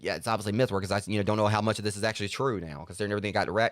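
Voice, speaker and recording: A man streaming a video game, giving sarcastic commentary and jumping high in pitch when exasperated. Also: steady tone, racing, hardly any pauses, dry recording, clean studio sound. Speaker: gaming streamer. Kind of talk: live gameplay commentary.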